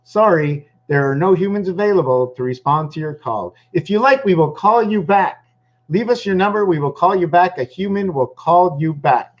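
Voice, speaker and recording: A man's voice: sits high, expressive, moderate pace, pitched above the performer's own voice. A man imitating an automated phone-line robot that repeats scripted apologies. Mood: stock apologetic.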